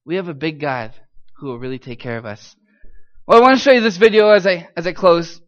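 Animated high-voiced man telling a story. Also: fairly quick, lo-fi sound. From United States. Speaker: missionary speaker. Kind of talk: church testimony talk. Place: church.

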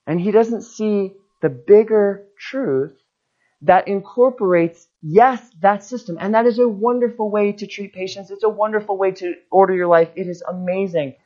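A guest preacher giving an informal sermon as a personal story, animated and acting out the people in it. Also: mid-range voice. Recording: dull lo-fi recording.

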